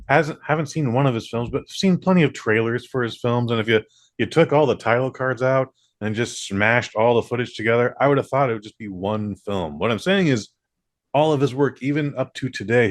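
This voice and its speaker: A man's voice: medium pitch, fairly quick, dry recording, clean studio sound. A man in casual podcast chat, talking bluntly and swearing for emphasis. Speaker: podcast co-host.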